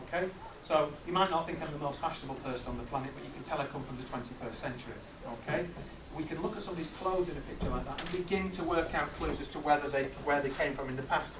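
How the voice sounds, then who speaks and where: A middle-aged man teaching a class of children, asking lively questions and checking with tag questions. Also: fairly high pitch, quick pace. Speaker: teacher leading a maths master class. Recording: echoey classroom from far off, noisy.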